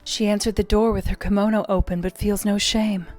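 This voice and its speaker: A woman doing a deadpan voice-over in a spoof perfume advert. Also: medium pitch, fairly quick, soft background music, natural voice.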